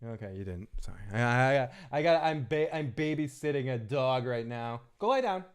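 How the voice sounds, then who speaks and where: A man's voice: mid-range voice, expressive, normal speed, clean tone. Jokey man hosting a live recap. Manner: jokey, rambling, chuckles often. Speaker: host. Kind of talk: casual live recap chat. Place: at home.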